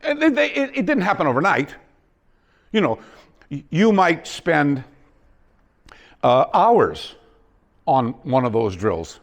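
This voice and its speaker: His voice is fairly high with big pitch swings, and he speaks slowly, pausing often. He is a martial arts instructor giving a seminar in a dojo, narrating anecdotes with frequent restarts and voicing his students' lines.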